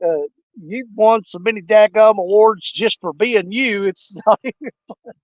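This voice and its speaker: A man's voice: high-pitched, normal speed, no echo, dull audio. An older man, casually chatting and joking with viewers while hosting a fishing livestream outdoors. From Missouri, United States. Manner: folksy, joking, laughs often. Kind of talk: casual live-stream chat. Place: outdoors on a river.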